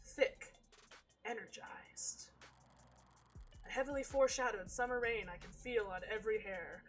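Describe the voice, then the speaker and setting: Casting: woman reading as a composed female serial killer narrator, calm, wry, a little high in pitch. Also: faint music behind, natural voice, poor audio. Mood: musing. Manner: calm, measured, wry and unbothered. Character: cool self-assured woman, a secret serial killer narrator. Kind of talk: reading a visual novel's narration aloud.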